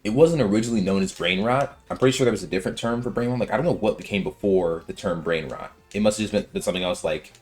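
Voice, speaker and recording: A man's voice: on the low side, quick pace, few pauses, darkish tone, faint music behind. A man in his twenties giving rambling, slangy commentary while playing a video game. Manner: rambling, filler-heavy, slangy. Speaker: let's-play gamer. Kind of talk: casual gameplay commentary.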